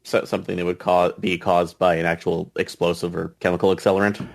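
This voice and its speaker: Deep-voiced, inquisitive man player. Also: little pitch movement, fairly quick, gravelly. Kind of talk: casual tabletop game play.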